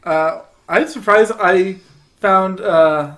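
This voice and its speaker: High-voiced man, laid-back swearing chat. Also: slow, a bit bright. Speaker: podcast co-host. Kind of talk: casual chat.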